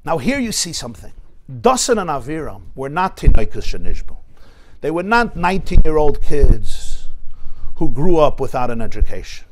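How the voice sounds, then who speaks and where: A man, a rabbi giving a Torah class in a study hall, who tells stories with lively shifts and sprinkles in Yiddish and Hebrew terms. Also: on the high side, moderate pace, noisy background. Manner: animated storyteller mixing in Yiddish and Hebrew terms.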